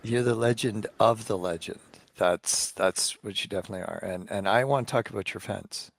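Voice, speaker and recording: Co-host, male psychology expert, very deep gravelly voice, measured delivery. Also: no room sound. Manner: measured, fond of psychology terms. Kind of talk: casual podcast chat.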